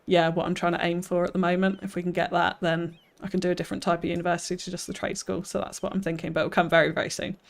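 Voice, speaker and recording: Reading out viewer comments during a live game stream, this streamer replies with self-deprecating laughter. The mid-range voice is flat and creaky, racing along very fast with few pauses.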